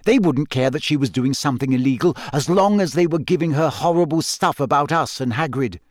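A man's voice: a little high, brisk, dry recording, studio quality, pitched above the performer's own voice, lightly acted. A man voicing an eager know-it-all schoolgirl. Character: clever earnest teenage schoolgirl witch. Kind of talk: audiobook character voice.

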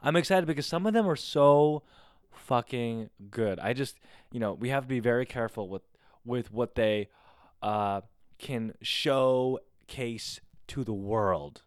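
A man hosting his own podcast alone, chatting casually in a rambling, excitable way with a lot of swearing. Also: mid-range voice, measured pace, smooth, no room sound, studio quality. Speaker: podcast host. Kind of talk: casual solo podcast chat. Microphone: close studio mic on camera.

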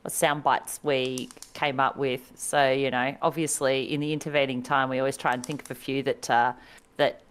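Low-voiced woman, wry podcast chat. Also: flat delivery, normal speed, smooth. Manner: wry, chatty, laughs often. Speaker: podcast co-host. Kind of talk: casual chat.

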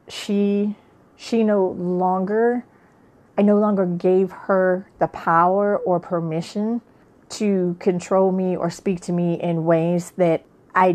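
A woman's voice: lowish voice, darkish tone. A woman and author telling her own life story in a frank, plain-spoken, conversational way. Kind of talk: candid personal storytelling.

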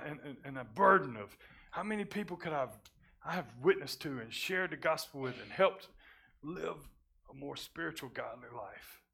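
A male pastor giving a sermon testimony, moving from hushed, halting confession with repeated restarts to loud, fervent preaching. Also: mid-range voice. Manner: halting restarts when emotional.

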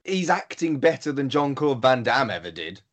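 Man, lively pitch, mid voice, dry teasing banter. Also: moderate pace. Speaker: podcast co-host. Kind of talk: casual banter.

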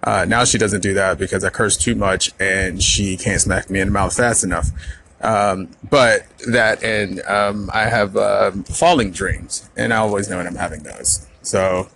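A man's voice: fairly low pitch, steady tone, unhurried, gravelly, fairly bright tone, slight background noise. Man, chatty caller, lots of filler words. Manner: chatty, rambling, lots of ums. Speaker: caller, fellow podcaster. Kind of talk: casual voice message.

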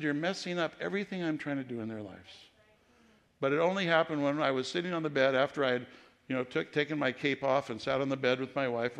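In a reverberant church hall, a middle-aged pastor preaches a sermon made of personal stories, told conversationally with repeated restarts. His voice is medium-pitched with vocal fry.

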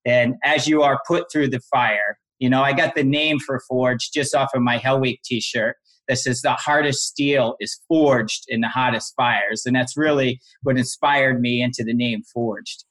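A middle-aged man speaking as a guest on a casual interview podcast. His voice sits at a middle pitch. He tells his story earnestly and explains things step by step. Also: fairly even intonation, unhurried, few pauses, a bit bright. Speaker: guest, former Navy SEAL instructor and founder of an apparel brand.

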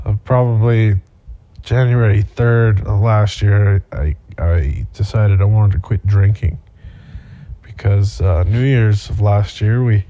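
A man's voice: on the low side, slow pace, dark tone, muffled recording. A young man hosting a podcast, telling a rambling, profane personal story with many fillers. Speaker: podcast host. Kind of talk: casual storytelling monologue.

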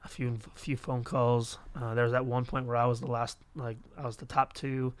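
A young youth pastor from Florida tells a rambling story in casual conversation, acting out quoted voices. His mid-range voice is smooth and flat, at normal speed.

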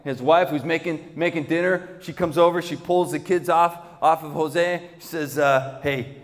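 A man's voice: on the high side, fairly even intonation, normal speed. A man preaching as a pastor in a church, retelling a story dramatically and vividly with repeated phrases. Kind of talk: sermon storytelling. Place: church sanctuary. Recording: long church hall reverb.

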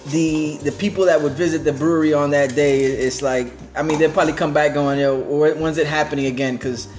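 A man's voice: a little high, steady tone, a little fast, over music. Laid-back slangy male podcast host. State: talking with his mouth full. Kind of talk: casual chat.

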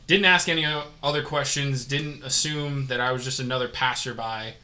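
Profane, bright-voiced man telling a story. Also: medium pitch, brisk, few pauses. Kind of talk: casual storytelling chat. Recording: faint background noise.

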